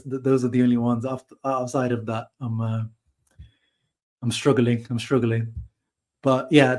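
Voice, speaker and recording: A man's voice: medium pitch, darkish tone. A man hosting a live post-match football reaction stream, talking casually and laughing often. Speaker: football channel host.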